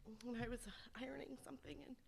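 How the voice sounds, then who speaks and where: A woman's voice: on the high side, fairly even intonation, quick pace, vocal fry, slight background noise. A woman speaking as an aunt in a eulogy at a funeral service, telling stories emotionally and often dropping to a whisper. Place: funeral home.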